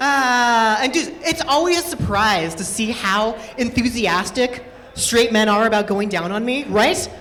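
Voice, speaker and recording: A woman's voice: fairly high pitch, lively intonation, normal speed, fairly bright tone, a little hiss or hum. A woman performing a stand-up comedy set on an event stage, chatty and playful, often laughing through her lines. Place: event stage in a large hall. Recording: long stage hall reverb.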